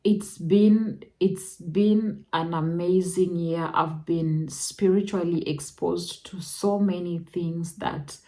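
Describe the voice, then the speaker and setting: Young kenyan woman, kenyan accent, unhurried, lowish voice, personal storytelling, emotional. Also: fairly even intonation, dark tone. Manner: reflective, emotional, rising to high exclamations. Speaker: vlogger.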